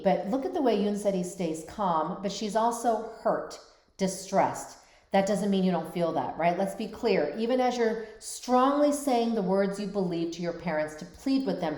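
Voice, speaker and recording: A woman's voice: medium pitch, a little mellow, echoey room. A woman hosting a show that looks at TV dramas through mental health, talking in a reflective way and often checking in with "right?". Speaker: host.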